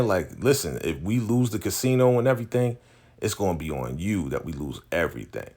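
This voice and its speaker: A man recapping a TV episode in casual chat, retelling it in an animated way with slang and lots of fillers. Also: sits low, fairly quick, slightly rough. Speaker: TV recap host.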